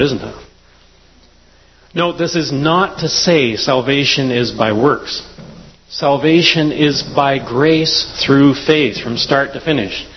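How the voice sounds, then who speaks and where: A man delivers a sermon at an unhurried, deliberate pace, slipping in dry, wry asides. His voice sits at an ordinary middle pitch and carries a long, lingering reverb, and the recording itself is muffled and lo-fi. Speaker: preacher.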